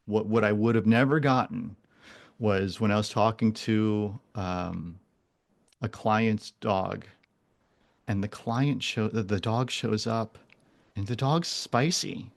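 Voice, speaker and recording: A man in his forties speaks with a low, gravelly voice. He talks casually and earnestly as a podcast guest, often stumbling and repeating himself as he works out his point. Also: slow. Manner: earnest, many restarts and repeated words. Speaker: guest, animal communicator.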